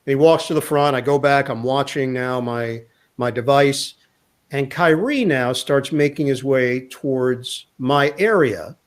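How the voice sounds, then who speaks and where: This sportscaster, a man with a medium-pitched voice, talks a little slowly as he spins a long story during a relaxed interview. He brings the quotes to life, performing each one with lively energy.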